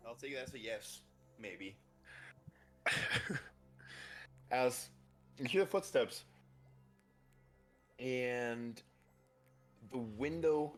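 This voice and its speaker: A man narrating a tabletop game as game master, halting with many restarts and fillers. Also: lowish voice.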